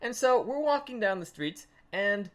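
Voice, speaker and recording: A man's voice: sits high, animated, normal speed, fairly bright tone. Young man chiming in with quips. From Mexico. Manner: chiming in with short agreements and wry quips. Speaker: co-host. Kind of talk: casual storytelling chat.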